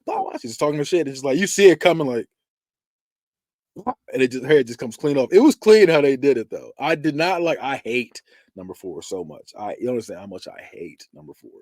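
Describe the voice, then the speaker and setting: Male podcast host, casual and expressive, swearing freely, with a lively, jumpy delivery. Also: medium pitch, brisk, no room sound, clean studio sound. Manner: animated, laughing, swearing, acting out scenes. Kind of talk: casual movie-review chat.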